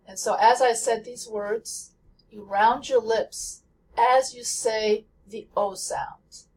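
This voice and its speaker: A woman's voice: fairly high pitch, takes it slowly, a little mellow, low-quality recording. A woman teaching a pronunciation lesson, explaining carefully and drawing out the words she models. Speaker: language teacher.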